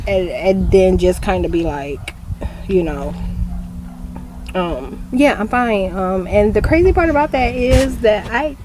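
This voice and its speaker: A woman telling a rambling, animated story on her porch, laughing and cursing as she goes. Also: medium pitch, background noise. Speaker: vlogger. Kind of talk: rambling casual monologue.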